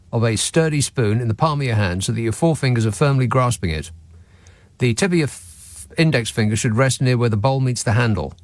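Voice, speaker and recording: A man's voice: mid-range voice, dry recording. A man hosting a radio phone-in, talking with callers and making sarcastic, exasperated asides. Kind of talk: late-night talk radio chat. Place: radio studio. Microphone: studio microphone.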